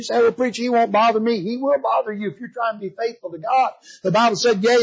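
A man preaching a revival sermon in church, swinging from loud emphasis to hushed pleading. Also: high voice, husky, muffled recording. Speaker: visiting preacher. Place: church sanctuary.

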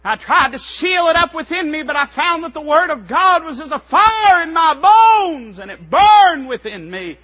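A male preacher voicing a weary prophet who cries out to God in anguish, pleading and at times shouting, on a dull lo-fi recording. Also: extremely high pitch, very animated, normal speed, hardly any pauses, pitched above the performer's own voice, heavily acted. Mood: fervent.

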